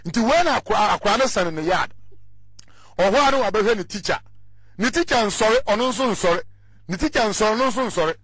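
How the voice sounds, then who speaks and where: A man's voice: sits high, lively intonation, normal speed, a bit bright, breathy edge, no room sound. A Ghanaian man speaking as a guest on a radio talk show, arguing his political point with passion and mixing Twi with English.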